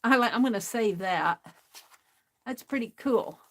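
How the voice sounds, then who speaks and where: A woman's voice: fairly high pitch, lively intonation, a little slow, a bit bright, slight background noise. A middle-aged woman chatting casually to herself and her viewers as she opens craft mail, often laughing. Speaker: craft livestream host. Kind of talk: casual craft vlog, opening mail on camera.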